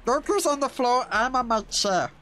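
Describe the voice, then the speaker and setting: A woman's voice: a little high, lively intonation, moderate pace, a bit bright. A woman voicing Stitch, a small mischievous blue alien, giggling and cheering while gaming. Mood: excited. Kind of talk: playing a character while gaming.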